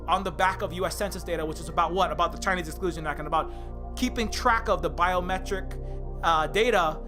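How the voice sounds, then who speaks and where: Over music, a man on a live stream delivers a rambling political rant in a high-pitched, fast voice. He's heated and sarcastic, stumbling over restarts and mocking people as he goes.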